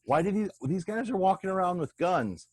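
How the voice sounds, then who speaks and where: A man's voice: sits high, lively intonation, a little fast, a little mellow, husky, no echo. A man telling a story in casual chat, laughing through it, with hesitant starts. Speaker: pastor, guest.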